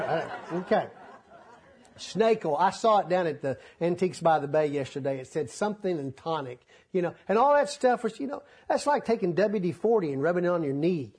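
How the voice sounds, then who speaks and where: A folksy male preacher delivering a sermon with a husky, somewhat high voice. He reads scripture and then retells it in homespun, joking terms. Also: expressive, a little fast, darkish tone.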